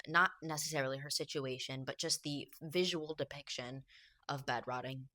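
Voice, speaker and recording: Low, bright-toned woman speaking slowly. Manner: slow, halting and emotional, often soft. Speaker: video essay creator. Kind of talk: personal commentary to camera.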